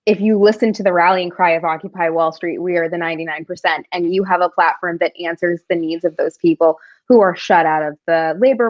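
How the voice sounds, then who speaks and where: A woman's voice: fairly low pitch, dry recording. A woman co-hosting a political talk show, chatting loosely with many fillers. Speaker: co-host. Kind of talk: casual political chat. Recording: dull lo-fi dry audio.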